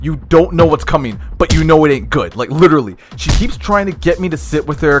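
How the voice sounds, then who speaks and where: A young man narrates an animated story time in a slangy, lively way. His voice jumps from loud excited bursts to low hushed asides. Faint music plays underneath. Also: a little fast, hardly any pauses.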